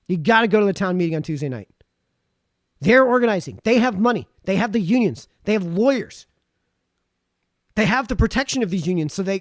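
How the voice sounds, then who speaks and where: A talkative man with a fairly high voice hosts a live stream, reading viewer comments aloud and rambling on between them. His throat sounds sore after hours of talking, and the sound is close and dry with no room echo. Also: vocal fry. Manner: chatty, rambling, animated. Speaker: livestream host.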